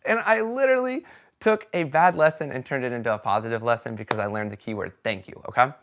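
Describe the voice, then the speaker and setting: Fast and medium in pitch, this vlogger chats to camera about things he's been through. His storytelling is lively, he voices the people he quotes, and he frequently checks in with listeners using "right?" and "okay?".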